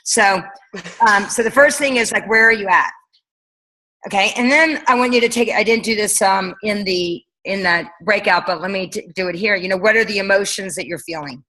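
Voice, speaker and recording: Bright-voiced woman leading a motivational call. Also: mid-range voice, normal speed, rough recording. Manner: energetic, rhetorical questions, casual fillers. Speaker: team leader on a leadership call. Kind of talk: motivational coaching talk.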